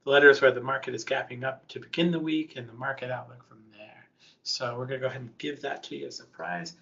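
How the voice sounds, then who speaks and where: A man hosts a live webinar in a chatty, easygoing manner. His voice is gravelly with a bright, forceful edge and sits a little high. The audio is dull and lo-fi. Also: quick pace. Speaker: conference host. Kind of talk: casual live webinar hosting.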